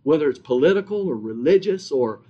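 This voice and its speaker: Guy preaching a sermon, high voice, keeps repeating for emphasis, muffled lo-fi sound. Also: animated, brisk, warm tone. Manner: emphatic, repetitive preaching cadence. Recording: dull lo-fi recording.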